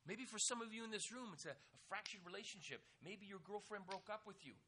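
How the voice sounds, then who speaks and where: A man preaching an energetic youth sermon, acting out quotes and joking with the listeners. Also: high-pitched, fast talker, background noise. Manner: animated, acts out quotes, jokes with the audience. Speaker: youth pastor.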